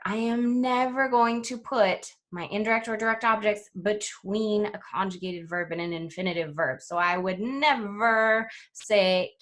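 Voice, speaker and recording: A woman language coach with a medium-pitched, slightly bright voice teaches a grammar lesson. She explains things clearly and step by step, slowing down to spell out example phrases.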